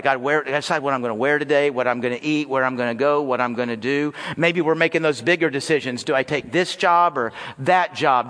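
High-pitched animated preacher in a reverberant church. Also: male voice. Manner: animated preaching, talks straight to the congregation. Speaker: pastor. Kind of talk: sermon. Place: church sanctuary.

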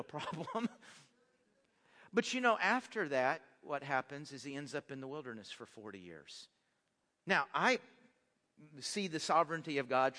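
A man preaching a sermon as pastor, animated and often repeating words as he starts a sentence. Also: sits high. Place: church sanctuary. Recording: long reverb of a large hall.

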